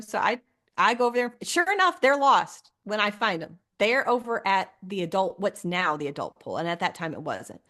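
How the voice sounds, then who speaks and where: Podcast co-host, woman, 30s, lively storyteller who laughs often and acts out quotes. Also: medium pitch, normal speed. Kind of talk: casual chat.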